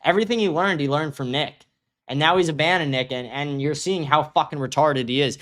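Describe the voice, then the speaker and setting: A man's voice: on the high side, a little fast, a bit bright. A man hosting a commentary show, reacting to clips and ranting profanely with mocking asides. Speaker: host.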